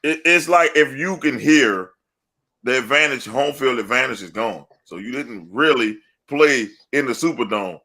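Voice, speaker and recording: Bright, loud-ranting man. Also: mid-range voice, normal speed. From New Orleans area. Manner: loud, laughing, swearing, animated rants. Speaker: podcast co-host. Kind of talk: casual sports chat.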